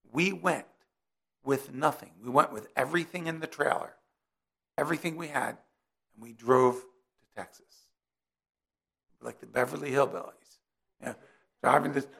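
A man's voice: mid-range voice, gravelly, pushed and bright. A middle-aged man from New Jersey preaching a sermon in a conversational way, weaving in personal stories.

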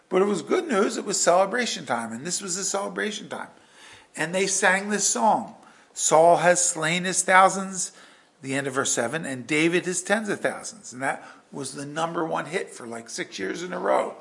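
A man preaching a verse-by-verse sermon with an animated delivery that swings from loud emphasis to hushed asides. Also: sits high, vocal fry. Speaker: pastor.

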